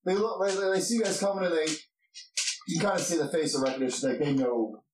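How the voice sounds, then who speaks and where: A man's voice: a little high, fast. A man narrating as game master of a tabletop game, rambling with many fillers. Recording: roomy distant mic with noise.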